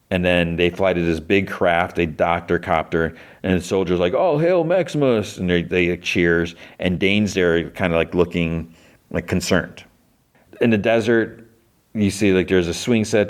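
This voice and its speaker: In a clean, low-pitched voice with fairly even intonation and moderate pace, a podcast host loosely goes over a TV episode. His delivery is full of fillers and restarts, and he sometimes acts out what characters said.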